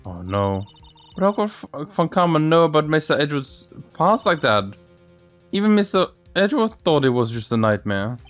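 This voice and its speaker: Lively man reading game lines aloud. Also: a little high, normal speed, faint music behind. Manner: reads with small slips and restarts. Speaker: let's play host.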